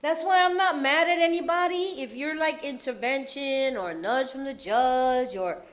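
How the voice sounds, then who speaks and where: A woman from California tells her recovery story to a meeting crowd in loose street slang. Her voice sits high. She jokes her way through hard moments and breaks into laughter often. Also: normal speed.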